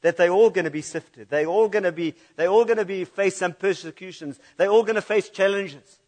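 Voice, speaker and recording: A man's voice: high-pitched, a little fast, a little mellow. A man preaching a sermon in a church, reading scripture aloud and laughing at his own slip-ups.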